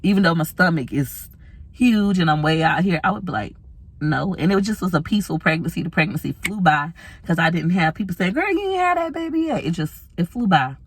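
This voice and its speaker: A woman in her thirties vlogging, candidly telling a personal story to camera, tearful, with long pauses. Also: lowish voice, breathy edge. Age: 30s.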